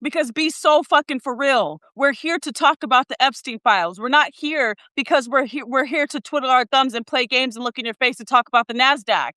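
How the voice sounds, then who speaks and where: A woman's voice: sits high, brisk, hardly any pauses, bright, forceful tone, no room sound, poor audio. A woman hosting a live stream, reacting to a hearing in blunt, heated casual commentary and swearing freely.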